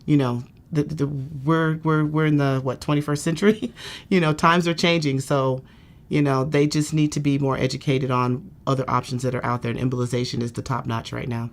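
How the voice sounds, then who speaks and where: A woman's voice: extremely low pitch, steady tone, normal speed, creaky. A woman patient telling her treatment story candidly, with lots of "you know" fillers. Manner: self-described dramatic storyteller. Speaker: patient giving a testimonial. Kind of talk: candid testimonial interview.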